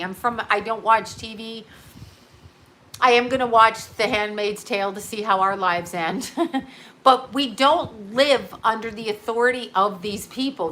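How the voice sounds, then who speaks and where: Woman psychic host, slightly high, crisp bright tone, rambling emphatic livestream rant. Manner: rambling, emphatic, swears, reads viewer comments.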